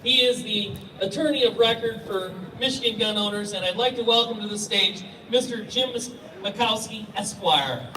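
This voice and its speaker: A man's voice: high-pitched, normal speed, very noisy. Middle-aged man joking over an echoey PA. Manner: storytelling, laughs at own jokes. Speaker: rally emcee and gun dealer. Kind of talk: joking stage emcee speech. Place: outdoor rally stage. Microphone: stage microphone heard through PA from afar. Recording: echoey PA sound from far off.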